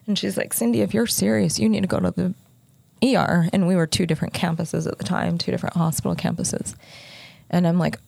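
A woman's voice: on the low side, fairly even intonation, a little fast, gravelly, a little mellow, no echo. A middle-aged woman hosting a podcast, candidly telling a personal story in a conversational way with many fillers. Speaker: podcast host.

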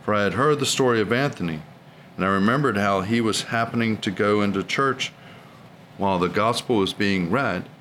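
A man giving a steady, reverent recitation of prayers and a devotional reading in a liturgical service. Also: low voice, a little hiss or hum.

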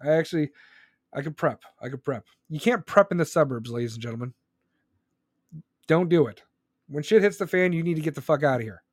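A man hosting a live podcast, ranting loudly and profanely, rambling with sudden jumps in pitch, close to the microphone. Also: expressive, quick pace, pauses often, no echo. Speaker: podcast host. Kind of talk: live podcast venting monologue. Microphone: close studio microphone.

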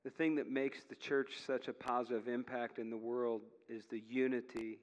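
A male pastor preaching a sermon, telling stories with growing animation and near shouts at the peaks. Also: medium pitch, level tone, normal speed, long reverb tail.

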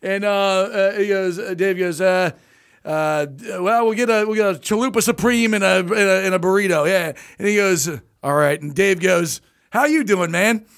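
A man co-hosting a podcast, telling a road story in a casual, animated way and acting out the quotes. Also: high voice, moderate pace, clean tone. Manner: animated, acts out quotes with laughter. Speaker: podcast co-host.

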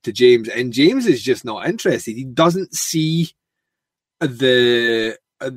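A man's voice: medium pitch, animated, slow pace, dry recording. A man chats casually as co-host of a TV recap podcast, swearing and joking. He talks in loose, filler-heavy runs. His voice sounds dry and close to the mic. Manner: crude, joking, full of fillers. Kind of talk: casual chat, recapping a TV show.

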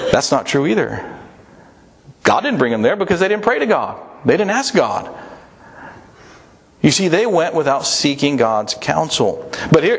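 A man preaching a sermon in a conversational way, with emphatic rises in pitch and a pace that speeds up and slows down. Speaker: pastor.

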